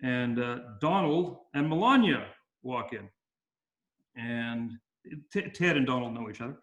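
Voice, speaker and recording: A man's voice: mid-range voice, lively intonation, measured pace, a bit bright, echoey room, lo-fi sound. A man being interviewed, casually telling long anecdotes with many fillers and restarts. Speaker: interview guest. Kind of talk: casual storytelling.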